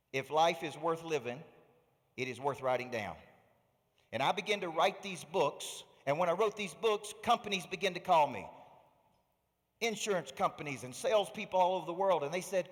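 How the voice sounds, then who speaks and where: Energetic motivational speaker in a reverberant hall. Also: male voice, a little high, normal speed. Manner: energetic, preacherly, engages the audience with questions. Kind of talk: motivational stage speech. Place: large hall before a live audience.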